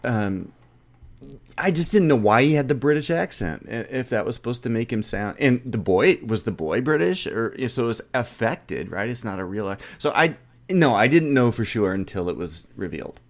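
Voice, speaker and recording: A man's voice: mid-range voice, very animated, moderate pace. A man co-hosting a casual movie podcast, answering hesitantly with stammered restarts. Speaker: podcast co-host. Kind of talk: casual film discussion.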